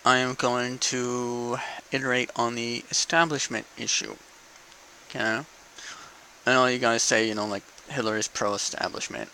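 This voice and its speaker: A man's voice: medium pitch, steady tone, normal speed, vocal fry, pushed and bright, poor audio. A young man in a casual, profane political rant to camera, asking "okay?" between points. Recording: faint background noise.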